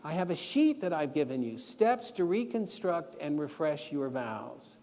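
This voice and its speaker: A man's voice: on the high side, very animated, unhurried, darkish tone. A middle-aged man preaching a lesson in church, telling personal stories and giving homework in an earnest, instructive way. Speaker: guest preacher. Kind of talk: sermon lesson. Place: church auditorium. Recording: long church hall reverb.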